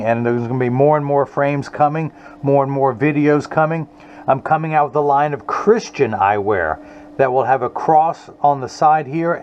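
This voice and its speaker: A man's voice: mid-range voice, darkish tone. A middle-aged man, talking earnestly and a bit ramblingly to camera while he makes glasses in his workshop. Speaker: optician and eyewear maker. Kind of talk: casual talk to camera while making glasses. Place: eyewear workshop. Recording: slightly dull audio with faint room noise.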